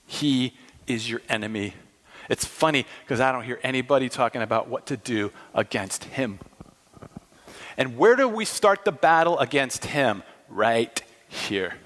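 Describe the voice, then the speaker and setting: A man's voice: medium pitch, animated, moderate pace, a bit bright. A man preaching a sermon in an impassioned, emphatic way, acting out dialogue. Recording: long hall reverb.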